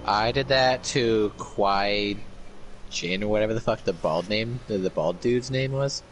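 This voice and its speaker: Deep-voiced laid-back man gaming. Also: measured pace, a little hiss or hum. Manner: laid-back, swearing, deadpan replies. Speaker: gaming friend. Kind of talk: casual chat while gaming.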